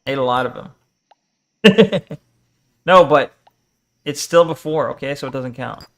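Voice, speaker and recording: Streaming a game, a man chats casually and jokes, reading chat aloud and swearing now and then. His mid-range voice moves slowly through this laid-back live commentary.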